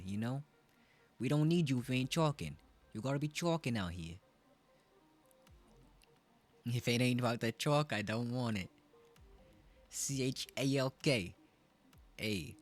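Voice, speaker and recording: A man in his twenties chatting casually on a live stream, playful and joking at his own expense. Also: mid-range voice. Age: 20s. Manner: playful, joking, self-mocking. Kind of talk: casual chat.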